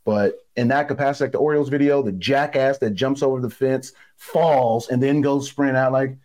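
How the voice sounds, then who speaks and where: A man's voice: mid-range voice, steady tone, fairly quick, darkish tone. A man who is a former ballplayer, talking in an emphatic, blunt way, swearing freely in casual sports talk.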